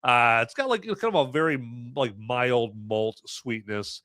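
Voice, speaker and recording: Unhurried and bright, this man's mid-range voice pushes forward over a clean studio recording with no room sound. Hosting a live podcast about movies and beer, he rambles casually, pokes fun at himself, and tosses in jokes as in easygoing live-stream talk.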